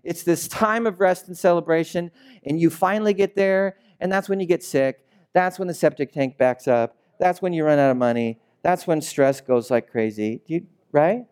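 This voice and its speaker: On the high side and at a moderate pace, the preacher sounds a little mellow with a clean tone. His sermon remains casual, full of stories and rhetorical questions aimed at the listeners.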